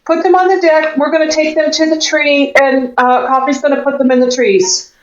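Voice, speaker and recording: A woman playing a tabletop game, speaking in character in a reassuring, somewhat halting way. Her voice is high. It sounds roomy and slightly lo-fi. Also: steady tone. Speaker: player. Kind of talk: tabletop role-play in character.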